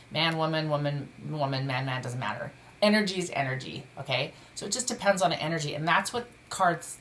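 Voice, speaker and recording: A woman reading tarot cards at home, chatty and expressive, exclaiming at what she turns over and speaking bluntly. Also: sits low, a little hiss or hum. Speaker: tarot reader. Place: home room during a move.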